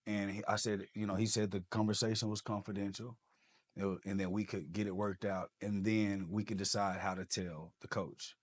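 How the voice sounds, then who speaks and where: A man's voice: on the low side, moderate pace. A man, a podcast guest telling his own story with lots of energy and acting out the people in it. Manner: animated, acts out quoted dialogue. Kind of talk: personal storytelling.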